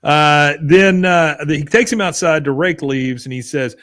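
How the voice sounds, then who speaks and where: A man's voice: fairly high pitch, normal speed, few pauses, fairly bright tone. A man co-hosting a podcast, casually retelling an episode scene by scene and quoting the characters. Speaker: podcast co-host.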